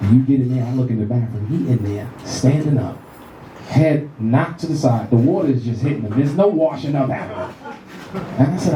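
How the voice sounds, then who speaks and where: A man in his thirties doing a profane, animated stand-up set in a comedy club, acting out voices as he tells stories. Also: mid-range voice, fairly quick, slight background noise. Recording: roomy club sound from a distant mic.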